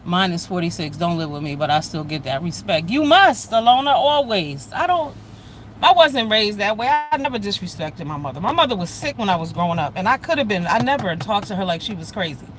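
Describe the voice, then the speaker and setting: A woman talking bluntly and loudly with lots of swearing in a casual livestream rant, speaking straight to her chat. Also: medium pitch, expressive, a little fast, slight background noise, rough recording. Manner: blunt, loud and profane; addresses chat viewers directly. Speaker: live streamer.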